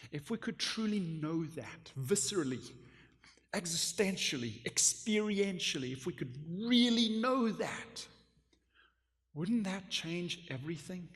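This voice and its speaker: A male pastor preaching a sermon, impassioned, moving from loud emphasis down to a hush. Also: fairly high pitch. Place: church. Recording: long church hall reverb.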